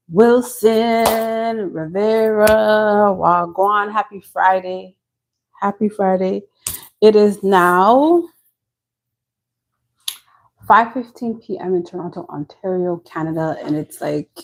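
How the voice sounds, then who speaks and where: A woman's voice: medium pitch, creaky, low-quality recording. Chatty woman live-streaming at home. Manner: chatty, answers viewers' comments as she goes. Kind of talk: casual live-stream chat with viewers.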